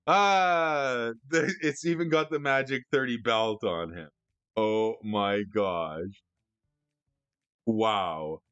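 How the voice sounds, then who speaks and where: A man streaming casually, excitable and often stammering through restarts as he talks about cards and gifts. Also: mid-range voice, drawn-out words, smooth, dry recording, lo-fi sound. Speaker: streamer discussing card prices. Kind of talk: casual live-stream chat.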